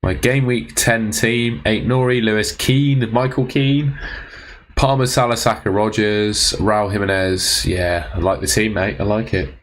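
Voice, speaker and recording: A man's voice: lowish voice, steady tone, a little slow, slight background noise. A young man casually answering viewers' fantasy football questions on a live stream, laid-back and teasing.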